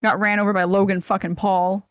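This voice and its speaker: A woman's voice: mid-range voice, little pitch movement, brisk, dry recording, studio quality. A woman playing a tabletop game, chatty and laughing, who swears freely. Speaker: player. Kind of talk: casual tabletop play.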